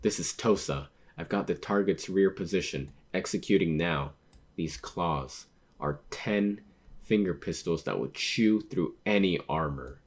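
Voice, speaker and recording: A man reading a cold navy officer's lines aloud from a manga, slow and flat. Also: low voice.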